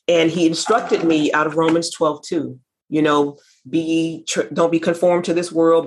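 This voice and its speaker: Fervent woman minister on a faith talk show, husky tone. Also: low voice. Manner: fervent, preacherly, repeats phrases. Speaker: minister and network founder. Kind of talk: christian talk show conversation.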